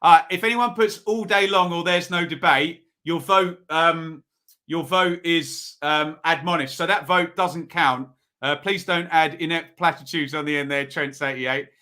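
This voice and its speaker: Man, football stream host, bright tone, slightly high pitch, casual chatty delivery. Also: a little slow. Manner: chatty, reads out viewer comments, pleading. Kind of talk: casual live-stream commentary.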